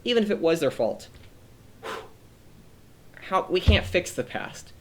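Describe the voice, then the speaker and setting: This man's high voice is very animated, unhurried and a bit bright. He's streaming a reflective, earnest monologue about his life, rambling and frequently restarting sentences, emotional enough to be close to tears.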